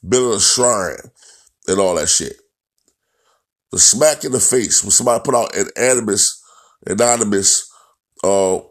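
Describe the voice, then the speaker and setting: A man goes off on a sports rant in a lowish voice. He is blunt and profane and keeps repeating his points as he hammers them home. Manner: blunt, profane, repetitive, ranting. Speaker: football commentator.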